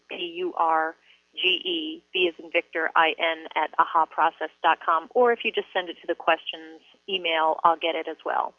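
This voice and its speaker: A woman's voice: on the low side, no echo. Woman moderator reading out questions, businesslike, tinny phone-line sound, dry. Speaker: webinar moderator.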